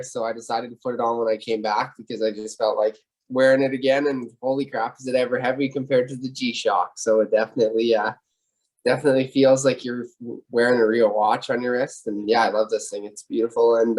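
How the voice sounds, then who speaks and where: A man talks easily and casually as a podcast co-host. His voice sits at a middle pitch and moves little. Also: darkish tone. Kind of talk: casual chat.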